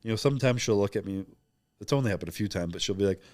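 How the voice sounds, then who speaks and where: Man, rapid delivery, slightly low voice, candid interview guest who reflects openly. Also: darkish tone. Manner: candid, reflective, acts out quoted talk. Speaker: podcast guest, pro bodybuilder. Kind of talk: casual interview talk.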